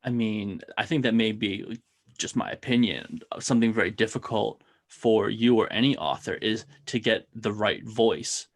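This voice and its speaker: A man hosting a casual interview, easygoing and relaxed in his remarks. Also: lowish voice, moderate pace. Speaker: podcast host.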